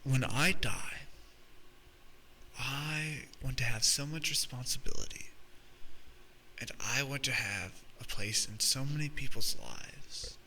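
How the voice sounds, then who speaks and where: Guy rambling on his podcast, swears a lot, laughs mid-story, really bright tense voice, bit of faint hiss behind. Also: medium pitch, takes it slowly, low-quality recording. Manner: rambling, profane, laughs through his stories. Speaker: podcast host. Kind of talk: casual storytelling monologue.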